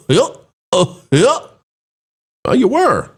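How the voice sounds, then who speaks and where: In a sing-song voice at normal speed, with a little hiss or hum in the audio, a middle-aged commentary show host mocks and sneers sarcastically. He makes dramatic swings between high and low registers.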